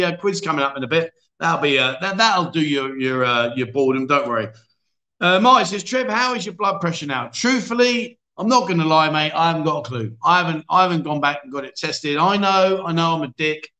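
A man's voice: on the high side, lively intonation, fairly quick, pushed and bright. A man hosting a casual livestream chat show, reading out viewer comments in a chatty, self-deprecating way. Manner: chatty, self-deprecating, frequent restarts and "mate". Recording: echoey room.

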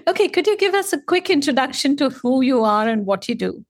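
A woman's voice: sits high, very animated, a little fast. A woman hosting a podcast interview, polite and sympathetic toward her guest. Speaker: podcast host. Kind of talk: interview conversation.

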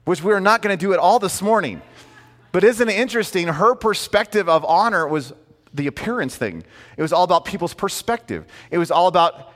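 A man preaches in a loose, talkative way, firing off rhetorical questions and quick asides. His voice sits a little high for a man. It rings out with a long reverb, as in a large hall. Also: expressive, a bit bright. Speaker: pastor. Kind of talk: sermon.

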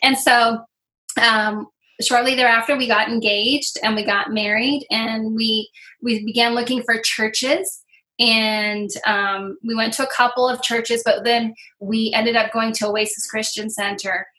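Bright-voiced woman sharing her testimony. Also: a little high, fairly even intonation, unhurried. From Iowa. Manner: earnest, heartfelt storytelling with many fillers. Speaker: interview guest. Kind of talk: personal testimony.

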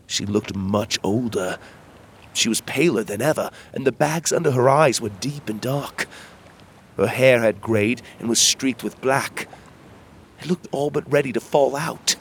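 A man narrating a children's fantasy adventure in the first person, reading at a measured, steady pace. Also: medium pitch, a little hiss or hum. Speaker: storyteller.

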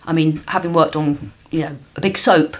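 A woman's voice: sits low, steady tone, normal speed. A woman puppeteer and voice actor chatting as a podcast guest, effusive and gushing. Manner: effusive and gushing, repeats her praise. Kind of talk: casual chat.

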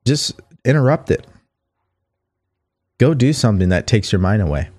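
A man hosting a motivational podcast, reading from a book and repeating key lines slowly for his listeners. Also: fairly low pitch, lively intonation, darkish tone, husky, no room sound. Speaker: podcast host.

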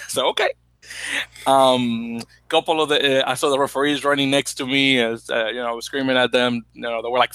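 A man co-hosting a podcast, rambling through an animated story with lots of fillers and restarts, a native Spanish speaker. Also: mid-range voice, brisk, no room sound, rough recording. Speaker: podcast co-host. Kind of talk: casual chat.

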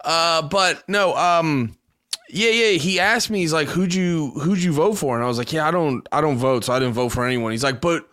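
Male podcast host, high voice, loose profane storyteller, quick to laugh. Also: bright, forceful tone, smooth. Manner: swears a lot, laughs often, tells stories. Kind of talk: casual political chat.

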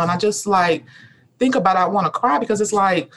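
A woman talking as a guest in an earnest, reflective conversation. She builds her ideas through rhythmic repetition, one phrase stacked on the next. Her pitch sits in the middle range. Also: a little fast, fairly bright tone, a little hiss or hum. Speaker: guest, rest activist.

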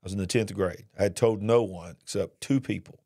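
A middle-aged man giving an earnest personal testimony about his past, retelling it slowly and with feeling. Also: low voice, mellow, no room sound, studio quality. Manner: earnest, drawn-out emotional retelling. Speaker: speaker sharing his life story.

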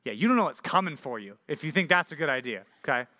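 Upbeat youth pastor, bright voice. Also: male voice, fairly high pitch, quick pace. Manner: energetic, jokey, keeps asking "right?". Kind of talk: youth sermon.

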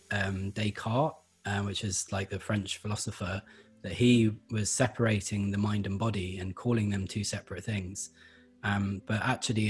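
A man explaining Feldenkrais practice in a relaxed interview, thoughtful and hesitant, with many fillers. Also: on the low side. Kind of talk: conversational interview.

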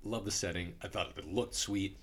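A man's voice: deep voice, normal speed, a little hiss or hum. A man chatting casually about a movie he liked, swearing freely and acting out quotes. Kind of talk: casual movie review chat.

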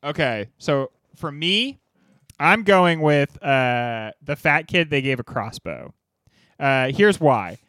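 Brief: excitable male podcast co-host, a bit high-pitched, dry mic. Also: takes it slowly, no room sound. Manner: enthusiastic, rambling with restarts. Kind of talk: casual movie-review podcast chat.

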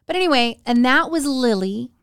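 With a high-pitched, expressive voice that is fairly bright, clear and resonant, a woman in her forties tells family stories at normal speed as a podcast guest. She plays the people she quotes with big swings in her voice. The clean studio recording has no room sound.

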